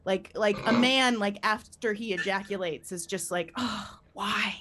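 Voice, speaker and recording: A woman in her thirties performing a live stand-up set, animated and laughing through her punchlines. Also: mid-range voice, normal speed, noisy background. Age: 30s. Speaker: stand-up comedian.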